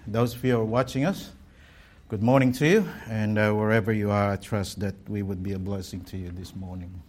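A man's voice: lowish voice, steady tone, darkish tone. A man preaching a Sunday sermon to his congregation and online viewers, stressing words and drawing out line ends. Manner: slow, emphatic preaching with drawn-out words and dropping line ends. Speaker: pastor. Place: church service streamed online.

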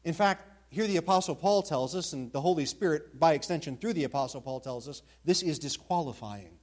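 A man with a high-pitched voice preaches to his congregation. He leans hard on key words and repeats them for emphasis. He asks the church rhetorical questions as he teaches. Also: animated, fairly quick, darkish tone. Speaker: pastor. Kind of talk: expository sermon.

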